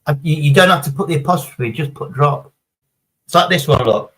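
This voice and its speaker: A man's voice: on the high side, brisk, a bit bright, low-quality recording. Rambling, foul-mouthed man streaming. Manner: rambling, heavy swearing, chatty storytelling. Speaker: live streamer. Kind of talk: casual live-stream chat.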